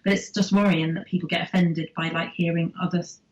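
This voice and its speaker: A woman guest in a casual talk-show chat who speaks in a quick, agreeable way. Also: on the low side, level tone, a little mellow. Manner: quick, agreeable, often affirming. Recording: dull lo-fi sound.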